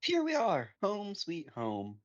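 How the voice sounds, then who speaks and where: A woman's voice: mid-range voice, huge pitch swings, voice pushed up. A woman voicing a shy, kindly young village girl who hesitantly invites a guest home. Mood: cheerful. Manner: hesitant, homely and polite, with filler pauses. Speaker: co-player voicing a character. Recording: slightly dull audio with faint music.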